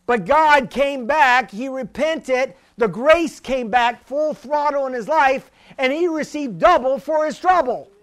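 High-voiced fervent male preacher. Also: a little slow, few pauses, fairly bright tone. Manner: fervent, repeats phrases, calls for response. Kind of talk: sermon.

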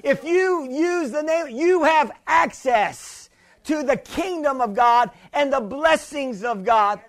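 A male pastor preaching with a strikingly high voice. He hammers points home with repetition and calls for an amen. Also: lively intonation, takes it slowly, fairly bright tone. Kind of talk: sermon.

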